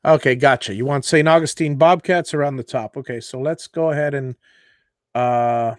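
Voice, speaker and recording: A man hosting a live CNC tutorial, walking viewers through design software while thinking aloud, with fillers and self-corrections. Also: mid-range voice, moderate pace, no echo, clean studio sound. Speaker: host of a CNC woodworking show.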